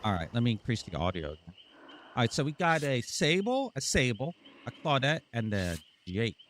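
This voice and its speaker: A man's voice: mid-range voice, big pitch swings, normal speed, a bit bright, slight background noise. A man streaming a game live, rambling and joking to his chat with frequent laughs. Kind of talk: live gameplay commentary.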